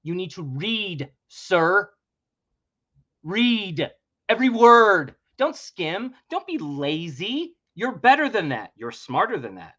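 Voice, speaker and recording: A man's voice: sits high, sing-song, slow pace, fairly bright tone. Heated man ranting on a lo-fi podcast. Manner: heated, emphatic, swears freely, laughs in disbelief. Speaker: podcast host. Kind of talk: opinionated podcast rant.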